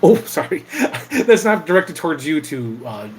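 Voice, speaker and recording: A man's voice: on the high side, very animated, normal speed, a little mellow, slight background noise, low-quality recording. A man chatting casually on an impromptu livestream, rambling, swearing now and then, and reacting to viewer comments. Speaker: live streamer and video maker.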